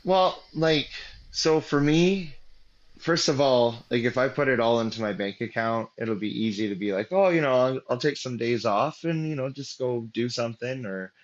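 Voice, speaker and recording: A man's voice: mid-range voice, normal speed, dull audio. A man as interview guest, telling his story casually with lots of fillers and restarts. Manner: rambling, many fillers and restarts.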